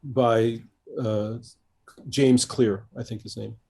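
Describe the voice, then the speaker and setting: A man in his fifties, a coach being interviewed on a podcast, speaking thoughtfully and haltingly with many restarts and fillers. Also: mid-range voice, level tone, vocal fry, dark tone, breathy edge. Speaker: executive coach, guest.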